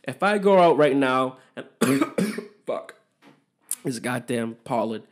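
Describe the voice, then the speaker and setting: A man's voice: medium pitch, expressive, slow pace. A young man hosting a podcast, rambling through a casual solo monologue, swearing often and giving his opinions. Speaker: podcast host.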